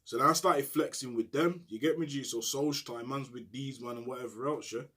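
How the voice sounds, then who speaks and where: Middle-aged man, husky and mid-pitched, telling a story in street slang. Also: fairly quick, a bit bright. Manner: street slang, repeats "you get me, G". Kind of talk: casual storytelling monologue.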